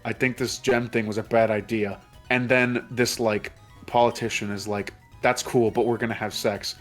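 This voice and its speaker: A mid-range male voice, level in tone and moderate in pace, leads casual game commentary with friends while soft music plays behind. He recaps the plot in a meandering style full of swearing.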